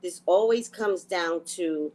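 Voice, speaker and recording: A woman's voice: fairly low pitch, takes it slowly, darkish tone, poor audio. A woman hosting a casual book discussion. She talks candidly and laughs while telling stories. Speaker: host.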